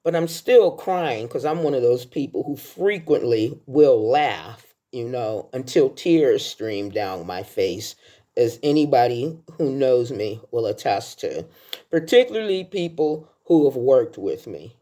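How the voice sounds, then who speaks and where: This film vlogger, a woman in her sixties, has a rumbling low, warm voice that's animated yet unhurried. She chats her way through a countdown of her favorite films, pausing for heartfelt stories.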